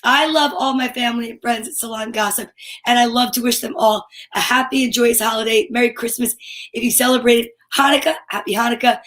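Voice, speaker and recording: A middle-aged woman hosts a children's story time live stream, bubbly and animated as she greets viewers and reads out names and comments. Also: a little high.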